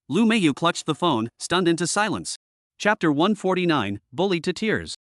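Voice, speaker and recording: Male recap narrator, pitched a little high, animated, dry close mic. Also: normal speed, no echo. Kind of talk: scripted narration.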